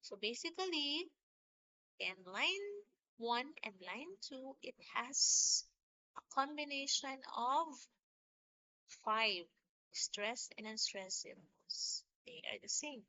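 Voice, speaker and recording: A woman teacher giving a recorded lecture on poetry, explaining slowly and deliberately with small restarts. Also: sits high, lively intonation, sharp tone, no echo, low-quality recording.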